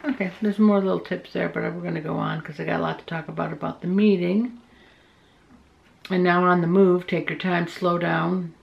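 A woman's voice: on the low side, steady tone, moderate pace, vocal fry, highs cut off. A middle-aged woman chatting casually, reading out diet tips and then rambling emotionally about a meeting. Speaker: vlogger recapping a weight-loss meeting.

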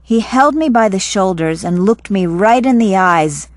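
A woman reading a first-person novel aloud calmly and deliberately for listening practice. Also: mid-range voice. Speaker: audiobook reader.

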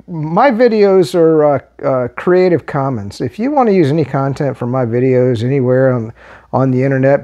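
An older man from the United States talks through his political commentary in a loose, halting way, circling back with fillers and restarts. His voice is gravelly with fry and sits a little high for a man. He is blunt and unpolished as he goes. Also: darkish tone, lo-fi sound. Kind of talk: rambling casual commentary.

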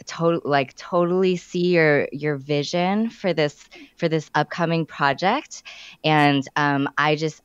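A woman's voice: low voice, clean tone, dry recording, lo-fi sound. A woman playing an adventurer in an online tabletop game, eager and salesy, rambling with fillers. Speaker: player. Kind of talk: in-character pitch as adventurer.

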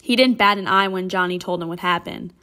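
A woman, a middle school English teacher, reading a novel aloud to her class with expressive storybook delivery. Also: lowish voice, fairly quick.

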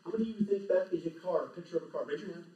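A man giving an animated, emphatic lecture to a live audience, speaking in short punchy phrases. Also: high-pitched, very fast. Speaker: conference speaker. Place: large lecture hall. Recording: echoey hall, distant, dull lo-fi.

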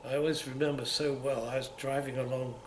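A man's voice: mid-range voice, flat delivery, brisk. A man in his seventies with a London accent between upper-class and Cockney, reminiscing in an oral history interview, rambling with restarts. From England. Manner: rambling, with many restarts and repeats. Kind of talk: unscripted reminiscing. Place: museum room. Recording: roomy with faint hiss.

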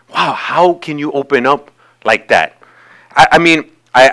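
A man's voice: medium pitch, bright, forceful tone. A male pastor giving a sermon, talking conversationally and building to emphatic peaks. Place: church sanctuary.

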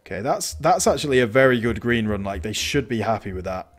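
A gaming channel host with a lowish voice speaks in an animated, fairly quick way as soft music plays. He comments casually on a building game let's-play, thinking aloud and beginning sentences again.

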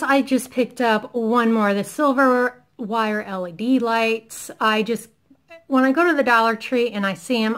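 A woman in her thirties, a parent, chatting through a shopping haul in a casual vlog, enthusiastic and gushing, losing her voice a little. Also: a little high. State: losing her voice, clearing throat. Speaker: vlogger showing a shopping haul.

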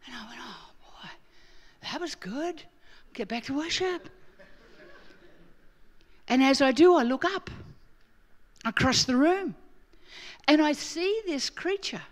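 Aussie lady preacher, high voice, tells her story all animated. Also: slow pace, pauses often. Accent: Australian. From Australia. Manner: animated storytelling, acts out her own quoted lines. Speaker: guest preacher. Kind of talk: storytelling sermon.

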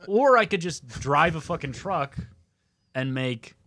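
A man's voice: on the high side, a little slow, dry recording. A man, a stand-up comic, rambling through stories in a casual podcast chat, swearing often. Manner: rambling animated storyteller, swears freely.

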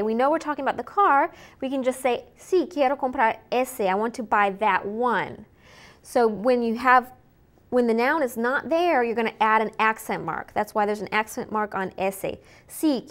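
Woman, Spanish teacher, high animated voice, slow deliberate drilling, recorded lesson. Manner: slow, clear drilling with repetition.

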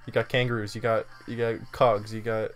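A man's voice: lowish voice, level tone, brisk. A young man hosting a casual let's-play, laid-back and joking, laughing often and swearing casually. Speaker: host.

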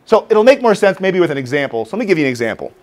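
A man in his forties presents to a hall of teachers with restless, animated energy. His voice sits a little high and leaps up and down, and he slips into his students' voices to make each point. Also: rapid-fire. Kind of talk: lively conference talk with demonstrations. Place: conference hall before an audience.

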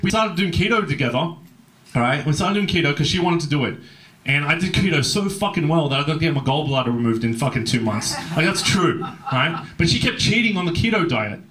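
A man's voice: on the high side, lively intonation, a little fast, a bit bright. A man doing a rambling, self-deprecating stand-up set full of swearing, acting out other people's voices. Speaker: stand-up comedian. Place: comedy club stage.

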